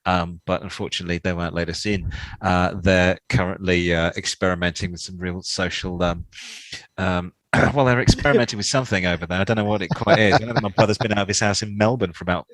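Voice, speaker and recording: A man co-hosting a casual podcast, rambling through jokes with dry sarcasm. His voice sits on the lower side. It comes through a close mic with a dry sound and no room echo. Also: fairly even intonation, fast talker, a bit bright. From England. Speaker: podcast co-host. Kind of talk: casual chat.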